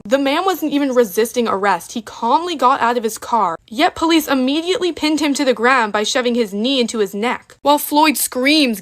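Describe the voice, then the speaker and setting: A woman giving impassioned commentary to camera, indignant and deliberate. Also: on the high side, fairly bright tone.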